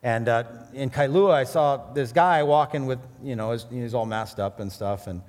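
Pastor preaching in an echoing hall. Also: male voice, mid-range voice, moderate pace. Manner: animated storytelling with jokes. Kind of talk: sermon with personal stories. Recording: long hall reverb.

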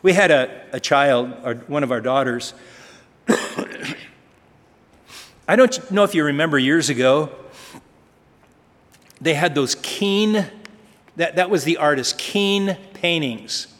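This male preacher speaks with a fairly high pitch and lively intonation, moving slowly and pausing often, his tone fairly bright. As a pastor giving a sermon, he shares stories in a conversational way and asks rhetorical questions, all captured with a large hall's long reverb.

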